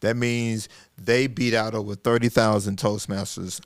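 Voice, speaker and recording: A middle-aged man from Arkansas, telling stories in a casual, animated way and acting out bits of dialogue. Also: fairly low pitch, measured pace, dry recording, studio quality. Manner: folksy, animated, acts out dialogue with restarts. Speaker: podcast host and guest speaker. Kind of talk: casual storytelling conversation.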